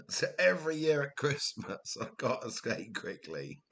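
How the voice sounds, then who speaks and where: Slow-talking Welsh man chatting on stream. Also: mid-range voice, sing-song, vocal fry, fairly bright tone. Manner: chatty, laughs often, tells rambling family anecdotes. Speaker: livestream host. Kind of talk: casual livestream chat.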